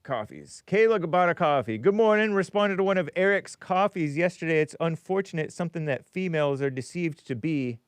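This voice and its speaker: A man's voice: fairly high pitch, fairly quick, hardly any pauses, clear, resonant tone, no room sound. A man hosting a call-in talk show, reading viewer messages and rambling with frequent restarts. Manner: rambling, animated, with frequent self-interruptions and restarts. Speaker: podcast host. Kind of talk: casual talk show monologue, reading super chats.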